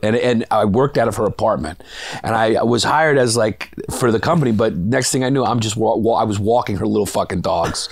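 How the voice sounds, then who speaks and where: Laughing his way through rambling, foul-mouthed stories, this Brooklyn, New York man is a comedian guest in a casual interview. He speaks briskly in a lowish voice with vocal fry and a breathy edge. It's a dry, studio-quality recording.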